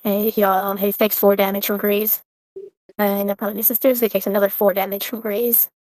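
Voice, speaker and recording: A woman's voice: medium pitch, level tone, fairly quick, a little mellow, no room sound. A woman playing in an online tabletop game, talking through her turn with a lot of hesitation. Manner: hesitant, lots of fillers. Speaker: player. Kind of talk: casual chat on a call.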